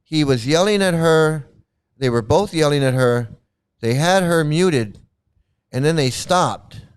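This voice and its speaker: A man hosting his own channel, reacting live and circling back over the same points again and again. His voice sits on the high side for a man, and it comes across clean and resonant. He stumbles, restarts and repeats himself as he goes. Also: animated, a little slow, smooth. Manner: rambling and repetitive, many restarts. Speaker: channel host.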